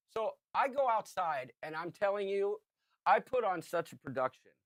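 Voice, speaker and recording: A man in his fifties co-hosting a podcast, telling a story in casual chat and shouting out the lines he quotes. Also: high-pitched, expressive, moderate pace, no room sound, studio quality. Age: 50s. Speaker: podcast co-host.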